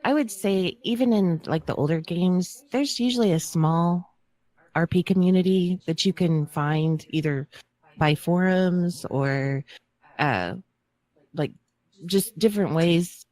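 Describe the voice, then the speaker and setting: A woman's voice: on the low side, slow pace, darkish tone. A woman co-hosting a podcast, chatting casually and hedging her points. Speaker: podcast co-host. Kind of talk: casual chat.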